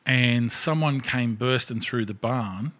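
A man chatting casually on a podcast, voice sitting in a middle register. He spins gaming anecdotes with plenty of swearing. He throws in quick impressions of the people he's talking about. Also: medium pitch. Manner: animated storyteller who acts out other people's lines, swears freely. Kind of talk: casual chat.

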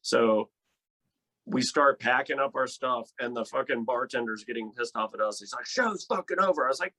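A man from Georgia, a touring musician telling a wild road story in casual chat, profane and animated, acting out quotes. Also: medium pitch, moderate pace. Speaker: touring band musician, guest.

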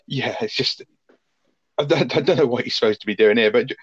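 A man's voice: medium pitch, slightly rough, no room sound, lo-fi sound. A man, co-hosting a casual film review chat and swearing freely as he talks. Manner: sweary, animated, quick-talking. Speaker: podcast co-host.

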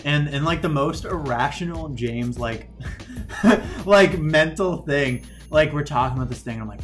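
A man's voice: a little high, expressive, normal speed, fairly bright tone, faint music behind. Profane, loose male podcast co-host. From Boston. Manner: loose and profane, laughs at himself. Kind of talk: casual chat.

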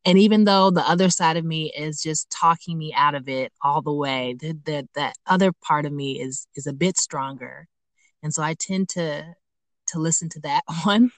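Female podcast host, low voice, dry close sound, reflective and filler-heavy delivery. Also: moderate pace, no echo. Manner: reflective, searching for words with frequent ums. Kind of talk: conversational interview.

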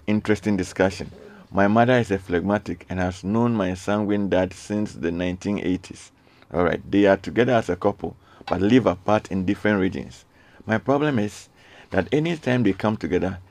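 A man's voice: on the low side, vocal fry, darkish tone. A man hosting a radio call-in show, earnestly reading out listener messages and repeating his requests. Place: radio studio.

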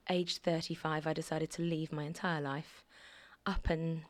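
A woman's voice: deep voice, little pitch movement, moderate pace. A woman in her thirties from the Channel Islands, chatting as a guest in a casual conversation and telling her story with self-mocking humour. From Alderney, Channel Islands. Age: 30s. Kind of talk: casual podcast chat.

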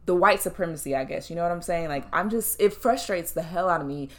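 A woman's voice: lowish voice, fast talker. A young woman co-hosting a podcast, talking bluntly and with heavy swearing in a heated, emotional casual chat. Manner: blunt, profane, impassioned. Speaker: podcast co-host.

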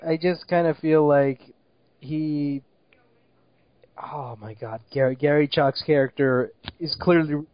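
A man's voice: a little high, no room sound, highs cut off. A man co-hosting a casual movie review chat, ranting with exasperation, swearing often and laughing at what he mocks. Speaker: movie review podcast co-host.

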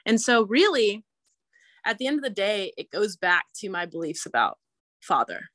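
A woman's voice: mid-range voice, very animated, fairly bright tone, dry recording. Reflective young woman, dry close sound. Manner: reflective, halting, many restarts. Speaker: podcast co-host. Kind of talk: casual faith conversation.

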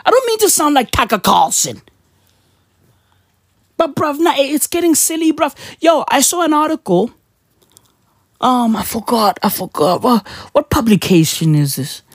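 A woman's voice: high-pitched, very animated, normal speed, long pauses, slightly rough, dry recording, clean studio sound. A woman ranting on a podcast in casual, profane, slangy talk, emphatic and mocking.

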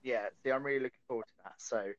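A man's voice: mid-range voice, rapid-fire, dull audio, a crowd in the background. A man co-hosting a casual podcast chat, rambling and self-deprecating. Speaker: podcast co-host.

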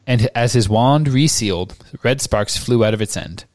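A man co-hosting a podcast, reading a novel aloud in a steady, measured way. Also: medium pitch, no echo. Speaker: podcast co-host.

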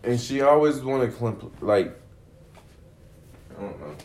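A man's voice: medium pitch, measured pace. A man who works in a restaurant, chatting casually with coworkers, swearing and acting out how he greets tables. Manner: animated, swearing, acts out table talk. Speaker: restaurant server. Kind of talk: casual chat.

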